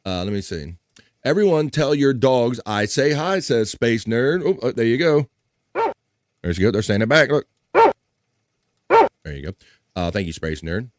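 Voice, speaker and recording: A man hosting a live stream, reading offbeat news and chat comments aloud in a jokey, animated way. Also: mid-range voice, a little slow, long pauses, no room sound. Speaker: live-stream show host. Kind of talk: casual news read and chat.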